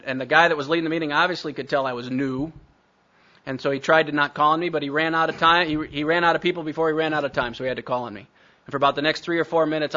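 A man's voice: a little high, pushed and bright, highs cut off. A man telling his recovery story to a meeting, blunt and self-mocking. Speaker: speaker sharing recovery story.

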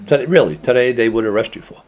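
A man's voice: mid-range voice, expressive, quick pace, a little mellow. A middle-aged man telling a rambling, self-mocking story at a meeting, with many fillers and laughs. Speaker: speaker sharing his story at a recovery meeting.

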